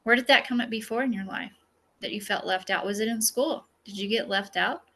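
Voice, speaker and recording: A woman healer teaching an online class in a chatty, animated way, full of filler words and personal stories. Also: medium pitch, a little fast. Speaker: psychic healer and masterclass teacher. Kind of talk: casual spoken lesson with a personal story.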